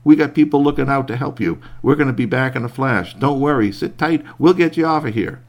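A man's voice: mid-range voice, fairly quick, voice pushed up, natural voice. A man voicing a friendly bear who reassures a lost man. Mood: reassuring. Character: friendly talkative bear, calm and wise.

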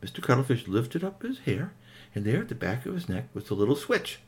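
An older man telling a bedtime story to children, animated, with playful sound effects. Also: medium pitch, brisk.

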